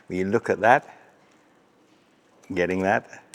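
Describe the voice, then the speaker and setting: His voice sits low and he talks slowly as he hosts a relaxed travel food vlog at an outdoor street stall. The vlogger stays cheerful and chatty, laughing frequently and eating as he speaks.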